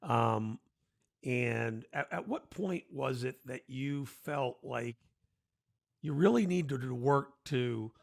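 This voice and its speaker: A man hosting an interview, asking questions in a halting way with many restarts. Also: medium pitch, creaky, dry recording, clean studio sound. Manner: hesitant, halting phrasing with restarts. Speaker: podcast host.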